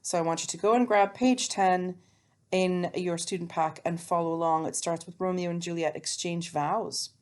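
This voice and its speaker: A woman's voice: fairly low pitch, steady tone, normal speed, darkish tone. A woman teaching a remote English lesson alone, chatty and self-mocking as she explains step by step. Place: alone, recording for students at home.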